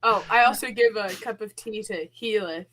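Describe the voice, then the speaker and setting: A woman's voice: medium pitch, normal speed, a bit bright, slight background noise. A woman player in a tabletop game, teasing and playful.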